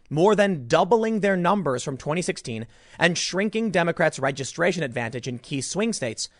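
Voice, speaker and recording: A man hosting a solo commentary show, talking in an opinionated, animated way and slipping into mocking impressions. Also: fairly high pitch, no echo, clean studio sound. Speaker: political commentator.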